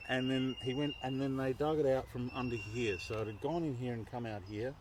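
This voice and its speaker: A man telling a story live outdoors in a forest to an audience, animated and swearing freely. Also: medium pitch, a little fast, noisy background.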